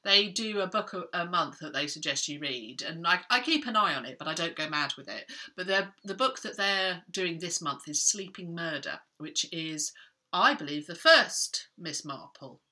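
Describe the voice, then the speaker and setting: A woman's voice: lowish voice, expressive, moderate pace, bright, forceful tone. A middle-aged woman, chatting casually about her reading in a rambling, self-interrupting way. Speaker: book vlogger. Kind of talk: chatty book vlog.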